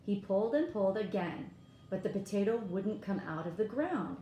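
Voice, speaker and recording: A woman's voice: mid-range voice, animated, moderate pace, mellow, echoey room, slight background noise. A woman reading a picture book aloud to children, pointing out the pictures and asking her listeners questions. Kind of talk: read-aloud storytime.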